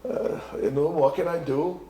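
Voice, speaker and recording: A man's voice: a little high, fairly even intonation, normal speed, warm tone, roomy sound, pitched below the performer's own voice, lightly acted. A man doing a sheepish excuse-making husband. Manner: mumbling, apologetic.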